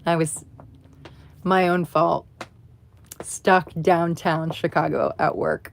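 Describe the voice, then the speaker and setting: A woman's voice: lowish voice, fairly even intonation, takes it slowly, vocal fry, long pauses. A woman hosting a casual livestream from home, telling a rambling story full of asides. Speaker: livestream host.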